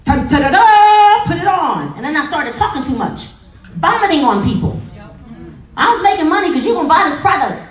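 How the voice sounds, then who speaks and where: Animated woman speaker, high lively voice. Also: brisk. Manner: animated, humorous storytelling with acted quotes. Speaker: motivational speaker. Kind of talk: motivational talk to a live audience. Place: meeting room with an audience. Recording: echoey room, voice from a distance, faint crowd.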